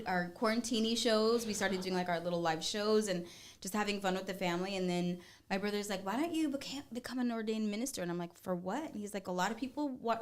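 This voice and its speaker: A woman guest chatting casually in an interview, giggly and talkative as she tells stories. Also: mid-range voice. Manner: giggly, chatty, warm storytelling. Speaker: musician and guest.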